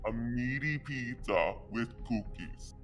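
A man contestant in casual chat, hesitant and halting, with dramatic outbursts. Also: mid-range voice, animated, over loud music.

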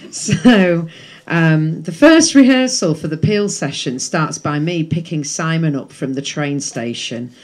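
A woman's voice: low voice, lively intonation, unhurried, few pauses, a little mellow. A woman reading a memoir excerpt aloud at a bookshop event, with chatty asides between passages. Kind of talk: reading a book excerpt to a live audience. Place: bookshop event before an audience.

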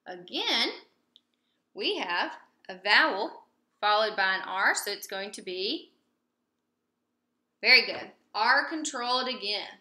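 A young woman teaching a phonics lesson to young pupils, patient and prompting, pausing for answers and praising them. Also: medium pitch, bright, forceful tone. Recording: roomy echo.

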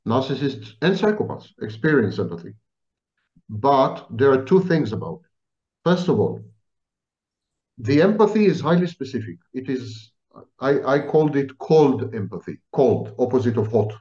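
A man lecturing through his answers, his pitch swooping up and down as he repeats key words for emphasis. The recording is muffled and lo-fi, and his voice sits at an ordinary middle pitch. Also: very animated, moderate pace, a little mellow. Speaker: interview guest explaining psychology. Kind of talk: explanatory interview answers. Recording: dull lo-fi sound.

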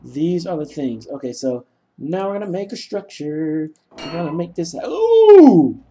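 A man's voice: fairly high pitch, normal speed, warm tone. A young man narrating a gameplay session, telling rambling, self-mocking stories as he plays. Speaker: gaming commentator. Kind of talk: let's play commentary.

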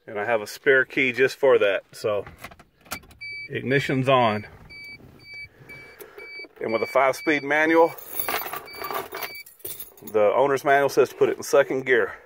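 Male vlogger, plain mid-pitched voice, folksy step-by-step explainer, faint background noise. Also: takes it slowly, pauses often, fairly bright tone. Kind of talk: casual how-to vlog. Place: outdoors beside his RV.

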